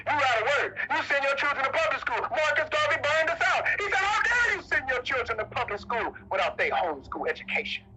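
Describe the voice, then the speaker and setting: A man with a strikingly high voice preaches with force, piling up rhetorical questions and repeating his points. His tone is piercing and tense, pressing the audience to answer. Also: pushed and bright, husky, poor audio. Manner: emphatic, repetitive, questions the audience. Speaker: preacher at a religious meeting.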